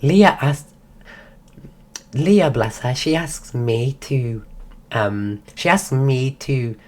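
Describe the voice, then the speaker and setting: A woman's voice: very deep voice, very slow, a little mellow. A woman streaming, telling a rambling story in casual chat while losing her voice. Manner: rambling, full of restarts.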